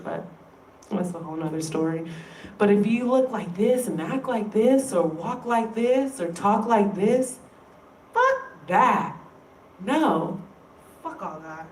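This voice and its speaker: A woman's voice: lowish voice, moderate pace, a little mellow, far from the mic, slight background noise. A woman in a casual, rambling monologue, emphatic and profane. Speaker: vlogger. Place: room in an indoor workplace building. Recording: echoey room, voice away from mic.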